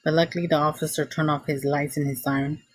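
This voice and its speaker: A woman with a low, breathy, husky voice recounts a personal story in a casual, animated way, often exclaiming as she acts out her own reactions. The sound is dry and close, as if spoken straight into a computer microphone. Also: quick pace, dry recording. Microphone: computer mic, screen recording.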